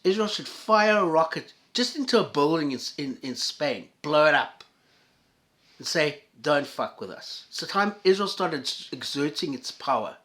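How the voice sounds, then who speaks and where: A man with a fairly high voice delivers an angry, profanity-laced commentary. He swings between loud outbursts and low, sarcastic muttering. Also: expressive, normal speed. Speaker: commentator reacting to videos.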